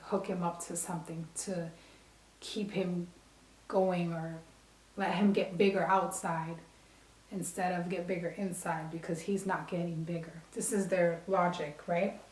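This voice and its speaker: Woman, casual storyteller, animated, roomy echo. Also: lowish voice. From Bronx, New York. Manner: animated, acts out quoted dialogue. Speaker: vlogger.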